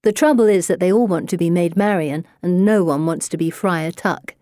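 Mellow-voiced woman narrating a novel. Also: fairly low pitch, no room sound, studio quality. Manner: measured, expressive storytelling. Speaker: audiobook narrator. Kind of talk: first-person novel narration.

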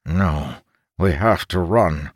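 A man's voice: low voice, takes it slowly, no room sound, clean studio sound. A man voicing a determined male expedition leader who speaks in terse, urgent bursts. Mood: tense.

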